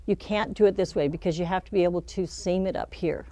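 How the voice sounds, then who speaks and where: A woman's voice: fairly low pitch, fairly even intonation, quick pace, mellow, dry recording. A middle-aged woman teaching a quilting pattern in a casual, chatty demonstration, talking through each step and laughing at her own slips in a shop studio. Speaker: quilting instructor.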